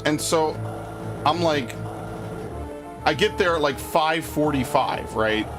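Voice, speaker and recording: A man's voice: on the high side, slow. A young man streaming a game, telling a rambling story with lots of swearing and getting worked up as he talks. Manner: rambling, swears a lot, excitable rants. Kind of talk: casual let's-play commentary. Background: game music.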